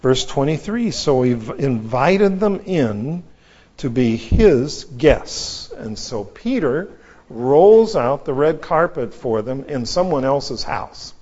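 A man teaching through a Bible passage verse by verse, in a measured, explanatory way with frequent asides. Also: medium pitch, very animated, a little mellow. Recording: dull lo-fi recording.

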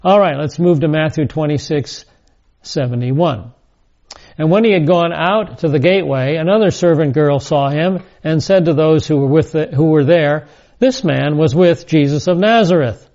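A man's voice: a little high, normal speed, warm tone. A man teaching a scripture lesson, reading verses and adding casual asides. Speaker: Bible teacher. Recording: dull lo-fi recording.

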